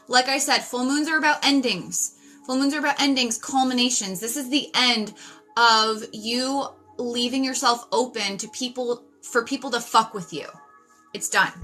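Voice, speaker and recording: Thirties woman psychic, bright forceful voice, keeps repeating herself and swearing, faint music behind. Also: fairly high pitch, unhurried. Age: 30s. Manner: intense, emphatic, swears, repeats phrases. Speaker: psychic reader. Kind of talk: spiritual tarot reading monologue.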